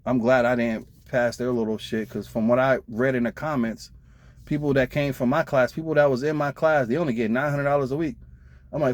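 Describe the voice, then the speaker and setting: A man's voice: medium pitch, fairly even intonation, a little fast. Blunt, profane trucker man venting. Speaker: truck driver vlogger. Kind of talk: casual storytelling rant.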